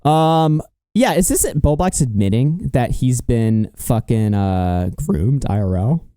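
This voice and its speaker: A man's voice: medium pitch, big pitch swings, a little slow, warm tone, no room sound, clean studio sound. A man hosting a casual stream, commenting animatedly with frequent swearing and laughter. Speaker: streamer host.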